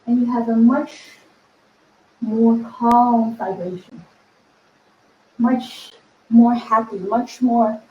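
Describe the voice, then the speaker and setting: High-voiced woman coach in an echoey room. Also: highs cut off. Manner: animated, laughs often, acts out inner voices. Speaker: spiritual coach. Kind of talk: casual teaching video.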